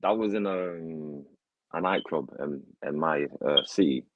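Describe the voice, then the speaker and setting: A man's voice: extremely low pitch, unhurried, dull audio, noisy background. A man from Derby, England with an English Midlands accent, a guest rapper answering in a laid-back, slangy, rambling way. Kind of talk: casual interview chat.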